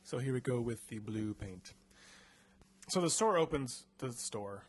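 A man's voice: medium pitch, expressive, a little slow, a little hiss or hum. A man co-hosting a casual podcast, retelling a book in a rambling, self-deprecating way with lots of fillers. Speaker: podcast co-host.

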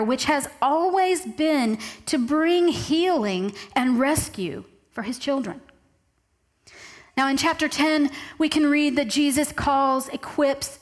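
A woman with a high voice delivers a sermon to a congregation. She reads scripture aloud and slows down to stress key words. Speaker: preacher.

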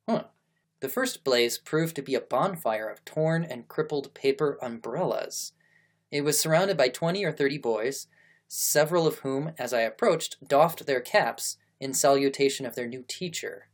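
A man's voice: medium pitch, a little slow. A man reading a historical article aloud, breaking off with chatty asides to explain terms. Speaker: reader and host.

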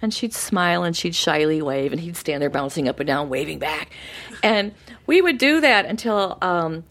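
Middle-aged female co-host, animated storyteller, lower-pitched voice. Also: moderate pace. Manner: animated, acts out voices in her stories. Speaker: podcast co-host. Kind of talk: storytelling in casual chat.

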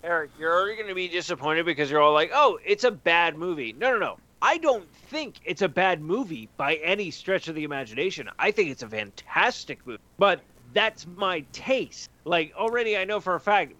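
A man's voice: high-pitched, very animated, fairly quick, hardly any pauses, bright, forceful tone, lo-fi sound. A man hosting a casual podcast chat, talking animatedly and acting out his friends' reactions. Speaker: podcast host.

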